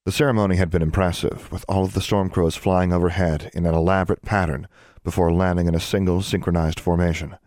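Male audiobook narrator, deep voice, steady measured reading, dry booth sound. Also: no room sound. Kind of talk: scripted storybook narration.

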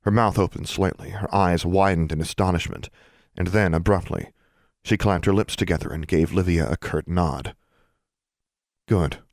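A man narrating an audiobook in an even, measured storytelling manner that hushes for suspense. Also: deep voice, no echo, studio quality. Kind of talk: scripted narration.

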